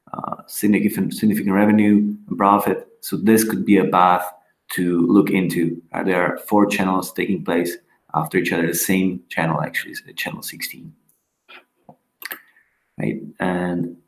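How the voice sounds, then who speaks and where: A man with a very low, gravelly voice presents a software dashboard on a screen share. He talks haltingly, with many fillers and restarts. The recording has a roomy echo. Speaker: product presenter. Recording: echoey room.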